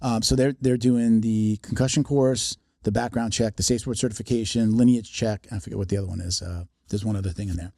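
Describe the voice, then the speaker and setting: Brief: man, mellow voice, dry close sound, rambling casual explanations. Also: on the low side, steady tone, brisk, creaky, hardly any pauses, no room sound. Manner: long rambling explanations, acts out quotes. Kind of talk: casual chat.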